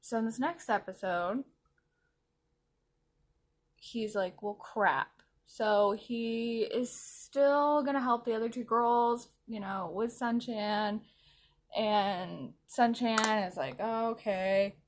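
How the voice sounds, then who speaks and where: Woman vlogger with a slightly higher voice, rambling and giggly over a makeup routine. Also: takes it slowly. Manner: chatty, rambling, laughs often. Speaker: anime vlogger. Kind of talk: casual chat while doing makeup. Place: at home, applying makeup.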